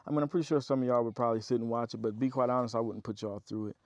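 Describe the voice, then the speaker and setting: A man's voice: mid-range voice, steady tone, racing, no echo. A man vlogging from his off-grid homestead, rambling casually to his viewers and worn out from digging. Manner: rambling, talkative, addresses viewers as y'all. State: tired after digging.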